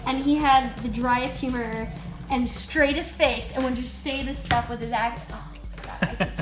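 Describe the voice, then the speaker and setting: A woman hosting a livestream show in casual chat, excitable and jokey, laughing often. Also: sits high, moderate pace, roomy sound, music in the background. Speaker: host. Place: studio.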